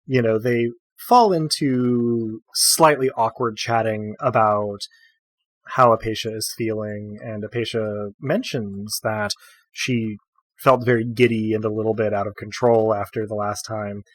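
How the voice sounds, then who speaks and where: Low-voiced man narrating as game master. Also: unhurried, dry recording. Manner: relaxed, filler-heavy narration.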